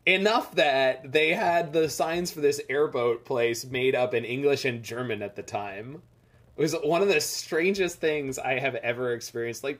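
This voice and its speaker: A man's voice: medium pitch, moderate pace, a bit bright. Man chatting casually over a live game. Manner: rambling, reads chat aloud, chatty asides. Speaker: streamer. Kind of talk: casual live-stream chat over gameplay.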